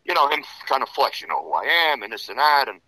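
A man telling rough stories in a casual interview, profane and rambling, full of "you know". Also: medium pitch, very animated, fast talker, pushed and bright, dry recording, low-quality recording. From Serbian Romanian background. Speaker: interview guest.

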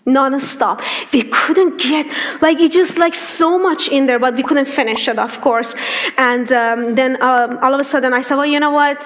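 A woman's voice: high-pitched, moderate pace. A woman telling her faith story with strong feeling, acting out the dialogue as she goes. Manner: animated storytelling that acts out quoted dialogue. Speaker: testimony speaker. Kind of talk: emotional personal testimony.

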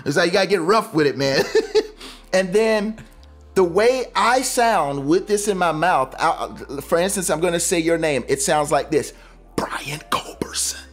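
A man who plays the talk box, a guest explaining it in casual, enthusiastic talk with relaxed slang. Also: high voice, normal speed.

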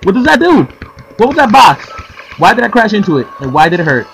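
A young man giving sarcastic let's play commentary, yelling and screaming at the game. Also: high voice, big pitch swings, brisk, vocal fry, low-quality recording. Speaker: gaming commentator. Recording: game music behind.

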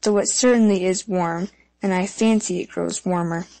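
A woman voicing a tiny, mischievous male water sprite with a shrill, gloating manner in a storybook reading. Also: steady tone, normal speed, dark tone, no room sound, natural voice, poor audio. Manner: gloating, playful.

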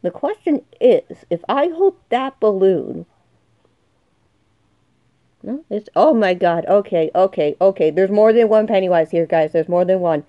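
A woman's voice: mid-range voice, lively intonation, unhurried, no echo, dull audio. Jumpy young woman gaming. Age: 20s. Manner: jumpy, swings from mutters to shrieks. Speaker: gaming youtuber. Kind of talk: excited let's-play commentary.

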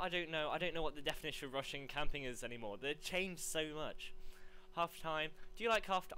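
Excitable young gaming commentator. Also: male voice, medium pitch, slight background noise. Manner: excitable, rambling, bursts into yelps. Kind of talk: live gameplay commentary.

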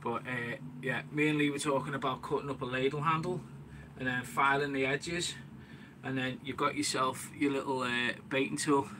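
At a moderate pace, the man speaks in a mid-range voice with a steady tone, background noise audible. He's live from his small bait and tackle shack indoors, casually answering chat and calling viewers mate as he works.

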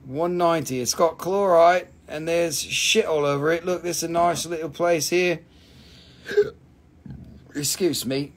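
He is hosting a live stream where he sells rocks and crystals, chatting casually with joking, profane, teasing banter and trailing off in repeated fillers when flustered. His voice is on the high side, with fairly even intonation and a measured pace.

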